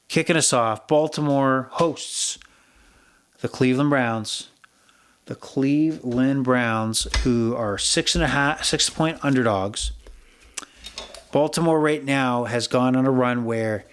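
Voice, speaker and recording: A middle-aged man hosts his own sports betting podcast in a blunt, opinionated way, swearing freely and wandering off on tangents. His voice sits at an ordinary pitch for a man. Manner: blunt, profane, rambling and opinionated. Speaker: podcast host.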